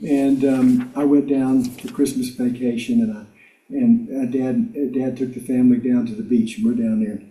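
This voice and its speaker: Speaking at a medium pitch with a flat, moderate-paced, mellow delivery, this older man from South Carolina chuckles and uses fillers as he spins self-mocking personal stories for a congregation. He's a guest speaker in a community meeting hall, heard distantly in a roomy space with a little hiss or hum.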